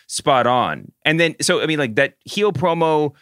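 A man's voice: fairly high pitch, lively intonation, unhurried, a bit bright, clean tone, no echo, clean studio sound. A man from the American South co-hosting a podcast, chatting casually in rambling bursts with frequent restarts. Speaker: podcast co-host. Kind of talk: casual chat.

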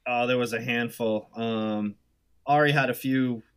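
A man's voice: medium pitch, unhurried, clean tone. A man co-hosting a casual podcast, recapping favorite moments of a TV episode in an easygoing way. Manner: easygoing, relaxed recapping with fillers. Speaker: podcast co-host. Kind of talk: casual chat about a TV episode.

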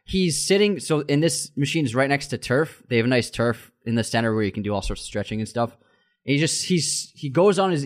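A man on a casual chat show, telling a long story and acting out the heated back-and-forth with frequent restarts. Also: mid-range voice. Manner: animated storyteller, acts out heated dialogue, many restarts. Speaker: podcast co-host.

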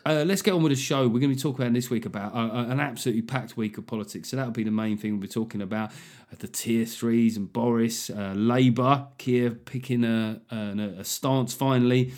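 A male comedian in his forties talks through a casual podcast monologue. He is animated and self-mocking, throws in frequent swearing, and has a mid-range voice. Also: mid-range voice. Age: 40s.

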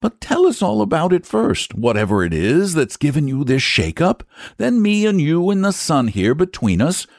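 A man's voice: on the high side, big pitch swings, moderate pace, vocal fry, a little mellow, dry recording, clean studio sound, voice pushed up, exaggerated voice. A man voicing a sensible, no-nonsense country wife in a storybook reading, speaking in a soothing, practical way.

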